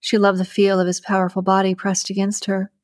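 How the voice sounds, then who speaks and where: Female audiobook narrator, mid-range voice, steady scripted romance read, dry booth sound. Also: mid-range voice, a little fast, no echo.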